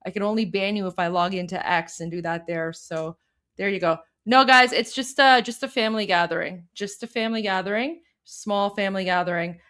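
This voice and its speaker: A woman's voice: medium pitch, brisk, a bit bright, smooth. Woman, livestream host, casual chat, chatty, apologetic. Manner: chatty, apologetic, mixes Persian and English.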